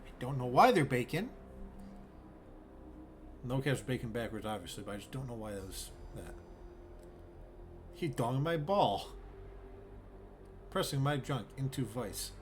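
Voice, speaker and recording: A man's voice: medium pitch, expressive, unhurried, long pauses, a little hiss or hum. Bemused, cursing male game streamer. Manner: bemused, profane, rambling. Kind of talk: casual gameplay commentary.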